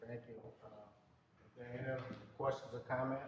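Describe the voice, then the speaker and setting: A man chairing a public school board meeting, calling votes loudly and briskly and joking between items. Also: medium pitch, completely flat delivery, a crowd in the background. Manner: loud, joking, brisk procedural calls. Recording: echoey, muffled meeting-room audio with faint hiss.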